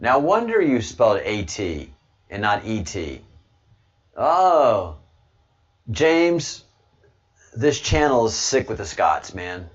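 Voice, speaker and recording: A man's voice: fairly low pitch, very animated, slow, pauses often, breathy edge. A man hosting a casual livestream, rambling to his chat and stammering over repeated words with frequent chuckles. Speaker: livestream host reading chat.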